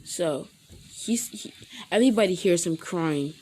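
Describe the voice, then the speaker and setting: A woman's voice: on the low side, animated, a little slow, warm tone, slight background noise. A woman casually improvising a story, rambling and correcting herself as she goes.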